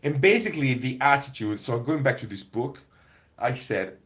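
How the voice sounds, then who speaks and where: A comedy performer chatting casually to camera in a rambling, digressive way, often breaking into laughter. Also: male voice, mid-range voice, very animated, moderate pace, fairly bright tone. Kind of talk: casual vlog monologue.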